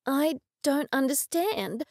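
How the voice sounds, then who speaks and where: A woman's voice: high voice, animated, slow, no room sound, clean studio sound, pitched above the performer's own voice, full character voice. A woman narrator voicing a shaken young witch heroine who speaks in a pleading, raised voice. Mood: confused.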